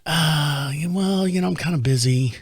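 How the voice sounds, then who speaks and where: A man's voice: a little high, moderate pace, slightly rough, dry recording, clean studio sound. A man in his fifties with an American accent, hosting a casual solo chat show, rambling with restarts and swearing. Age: 50s. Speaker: podcast host.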